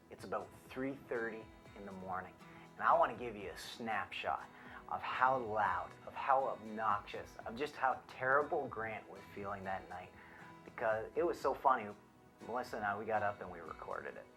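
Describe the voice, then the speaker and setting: A man's voice: fairly low pitch, lively intonation, moderate pace, pushed and bright, soft background music. A young man, a father and youth pastor, giving an earnest devotional talk from his child's bedroom; he speaks conversationally and grows impassioned.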